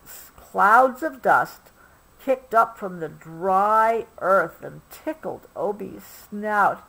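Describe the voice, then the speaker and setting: A mother reading a storybook to her child at home, taking it very slowly and with a voice that rises and falls expressively. She pauses to explain who is who as she goes. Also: mid-range voice, animated, vocal fry, fairly bright tone, breathy edge, rough recording. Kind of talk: storybook read-aloud.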